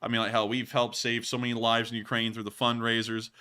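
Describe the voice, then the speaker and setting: A male livestream host chatting casually from a home setup. His voice is bright and smooth, and he rambles through viewer comments with frequent fillers and small laughs. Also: mid-range voice, monotone, fairly quick. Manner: rambling, chuckling, many fillers.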